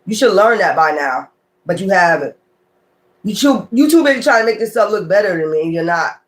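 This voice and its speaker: A brisk, high-sitting male voice with lively intonation belongs to a tarot reader ranting freely on his own channel. He swears, picks fights, repeats his taunts, and waves away the people criticizing him as weirdos.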